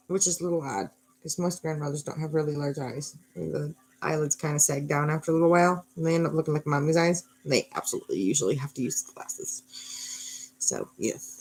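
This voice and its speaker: Brief: woman in her thirties, low-pitched, sarcastic rambling storyteller. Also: brisk, a little mellow. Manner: wry, rambling asides. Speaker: mother telling a bedtime story.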